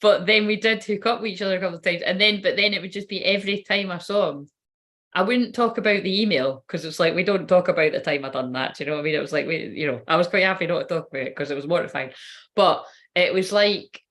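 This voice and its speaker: A woman's voice: fairly low pitch, fast talker, fairly bright tone. Rambling, swearing woman. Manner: rambling, swears freely, laughs often. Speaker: spiritual reader. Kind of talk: casual storytelling.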